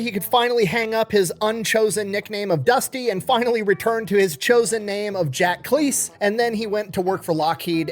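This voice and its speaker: A man casually telling a history story, animated, swearing and acting out the people he quotes. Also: high voice.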